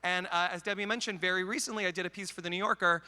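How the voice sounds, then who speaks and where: Wry, bright-voiced man on stage. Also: high voice, fairly even intonation, clean tone, big-room sound. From Canada. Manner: wry, self-deprecating, quick jokes. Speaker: conference speaker. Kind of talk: comedic keynote talk. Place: large conference hall. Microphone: handheld mic.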